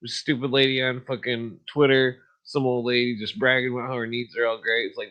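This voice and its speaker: A man's voice: medium pitch, level tone, fairly quick, few pauses, pushed and bright, highs cut off. A man hosting a podcast, talking in a rambling, profane monologue and laughing at his own stories. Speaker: podcast host.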